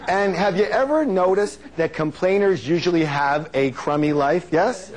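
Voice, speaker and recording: A man giving a live motivational seminar on stage, energetic and playful, drawing call-and-response answers from the audience. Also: moderate pace, hardly any pauses, a faint crowd. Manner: playful, acts out quotes in high silly voices.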